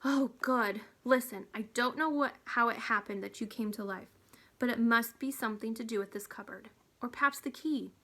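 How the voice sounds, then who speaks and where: A woman's voice: on the high side, fairly bright tone. A woman reading as an eager young boy. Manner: quick pleading speech. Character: eager earnest young boy, curious and cautious.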